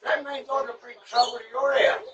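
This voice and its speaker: Australian man, very high voice, aggressive, swearing, far from the mic, people nearby. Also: flat delivery, fairly quick, muffled recording, a crowd in the background. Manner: aggressive, swearing, shouting threats. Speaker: homeowner arguing at his front door. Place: outdoors at the front of a house. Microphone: doorbell camera. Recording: distant doorbell camera audio with people nearby.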